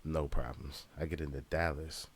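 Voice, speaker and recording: A man's voice: very deep voice, fairly even intonation, moderate pace, a little hiss or hum. A man telling a travel story in a casual vlog, loose, profane and ranting. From United States. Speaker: rapper vlogger.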